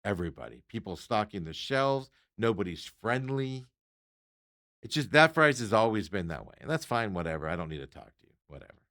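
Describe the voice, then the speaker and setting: With a voice on the low side and a fairly quick delivery, a podcast host recounts an everyday run-in in a casual, exasperated, animated way. He performs the quoted lines of the people involved.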